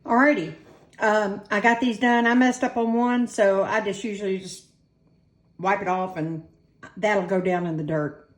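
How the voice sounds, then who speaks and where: A woman's voice: mid-range voice, fairly even intonation, normal speed. A woman hosting a casual home cooking video, chatting and poking fun at herself as she works in front of a camera on a tripod. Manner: chatty, self-deprecating, talks while working. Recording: echoey room.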